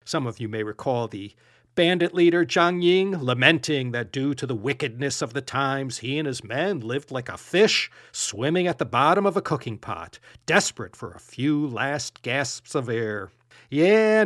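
A man hosting a podcast, telling an old tale in an animated, playful storytelling way. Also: mid-range voice, dry recording, studio quality. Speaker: podcast host.

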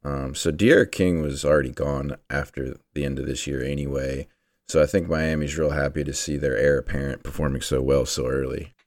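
A man's voice: a bass voice, steady tone, brisk, darkish tone, no echo. A man co-hosting a sports podcast, talking casually with a wry, sarcastic edge. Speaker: podcast co-host.

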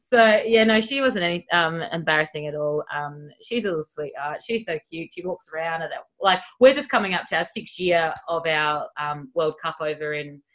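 A woman with a fairly low voice telling family stories on a podcast. She is animated and playfully acts out what others said. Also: normal speed, few pauses. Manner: animated storyteller, acts out quotes. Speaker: athlete guest. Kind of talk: casual podcast chat.

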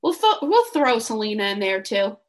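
A young woman co-hosting a casual fan podcast, animated and gushing, laughing often. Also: medium pitch, moderate pace. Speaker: podcast co-host.

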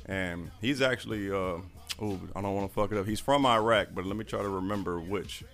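A man's voice: fairly low pitch, a little fast, a bit bright, faint music behind. A young man co-hosting a casual podcast, telling army stories in laid-back, profane banter. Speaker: podcast co-host, army veteran.

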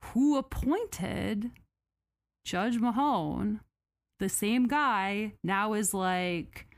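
A woman hosting a podcast, retelling a story in a casual, animated, sarcastic way with mock quotes. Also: mid-range voice, extremely slow. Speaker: podcast host.

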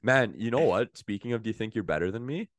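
A man's voice: fairly low pitch, lively intonation, fast talker, no room sound. A Canadian man with a Canadian accent, co-hosting a podcast in casual chat, telling stories with animation, laughing easily and swearing. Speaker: podcast co-host.

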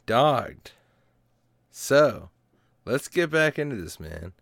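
A man's voice: mid-range voice, big pitch swings, slow, gravelly, pauses often, a bit bright, no echo, studio quality. A man co-hosting a casual gaming podcast, upbeat and joking as he chats and reads a sponsor spot. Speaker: podcast co-host.

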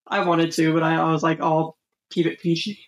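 Blunt lower-voiced woman co-host. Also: little pitch movement, a little fast, poor audio. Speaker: podcast co-host. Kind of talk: casual chat recapping wrestling shows.

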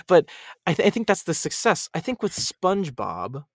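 A fairly high-voiced man argues his point in a lively, swinging tone, laughing often as he goes. The sound is dry and close, with no room around it. He talks like a podcast guest in relaxed conversation. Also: measured pace, no echo. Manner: animated, opinionated, laughs often. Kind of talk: casual chat.

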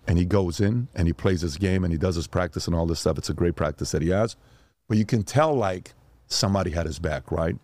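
Middle-aged man, low voice, blunt rapid-fire questions, motivational storyteller, dry close sound. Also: darkish tone, no room sound. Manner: fires quick blunt rhetorical questions; preachy, motivational. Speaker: guest.

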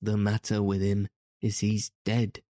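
A man reading aloud voices a terrified pirate whose words come out hollow and half-gibbering. The voice sits low and dark with little rise or fall. It sounds close and dry. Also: monotone, measured pace, no room sound, lightly acted. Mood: fearful. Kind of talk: audiobook reading.

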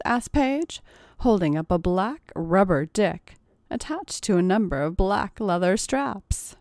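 A woman narrating an adult audio story in a steady, even storytelling manner. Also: mid-range voice, slow, dry recording, clean studio sound. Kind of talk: erotic audio story reading.

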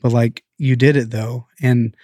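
Flat-voiced man, halting and sympathetic. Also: mid-range voice, no room sound, clean studio sound. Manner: halting, filler-heavy, sympathetic. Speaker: podcast guest. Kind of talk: casual conversation.

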